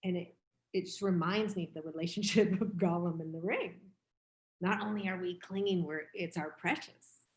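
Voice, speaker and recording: A woman in her fifties gives a dharma talk in a candid, reflective, conversational way. Her voice sits a little low, and the recording carries a roomy echo around her. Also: fairly even intonation, moderate pace. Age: 50s. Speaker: meditation teacher.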